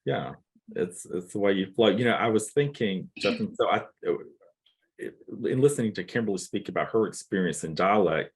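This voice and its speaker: A man speaking as a novelist on a panel, measured and thoughtful with careful pauses. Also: fairly low pitch, lively intonation. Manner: measured, thoughtful, hesitant fillers. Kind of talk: casual panel discussion.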